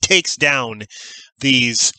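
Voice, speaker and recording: Chatty man with a bright dry voice. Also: mid-range voice, lively intonation, extremely slow, clear, resonant tone, no echo. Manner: chatty and enthusiastic, lots of fillers. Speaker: movie collector vlogger. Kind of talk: casual chat.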